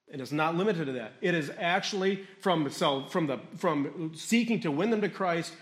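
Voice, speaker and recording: Male pastor, high voice, teacherly sermon delivery, roomy church acoustics. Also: expressive, normal speed, hardly any pauses. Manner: teacherly, asks the congregation questions and repeats phrases.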